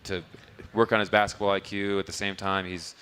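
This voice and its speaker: Giving relaxed interview answers live from a restaurant bar, a man who coaches basketball wanders through long stories. He speaks briskly in a deep, smooth, slightly bright voice with a flat delivery.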